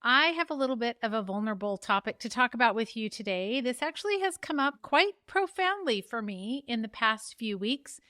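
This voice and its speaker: A middle-aged woman hosts a candid solo podcast with a bright, forceful voice pitched a little high. She talks openly and chattily, pokes fun at herself and gets fired up quickly. The sound is close and dry. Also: animated, no room sound. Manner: open, chatty and self-mocking, fires up quickly. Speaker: podcast host.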